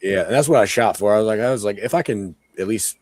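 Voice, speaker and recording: A man with a hoarse, sick voice, rambling casually as a co-host on a live-streamed talk show. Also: on the low side, fast talker, a little mellow, no room sound. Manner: rambling, chatty, many "like" fillers and laughs. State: hoarse, sick with sore throat. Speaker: podcast co-host.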